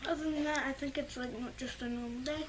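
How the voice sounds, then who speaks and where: A woman's voice: sits high, fairly even intonation, fast. A woman giving short, casual answers at the breakfast table at home. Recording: noisy home video recording.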